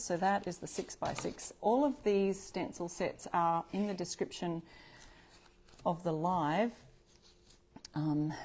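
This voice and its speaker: This craft livestream host speaks in a darkish, lowish voice over slight background noise. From her home craft space she runs a live upcycling stream, talking to viewers, reading out their comments, and fixing her own slips mid-task.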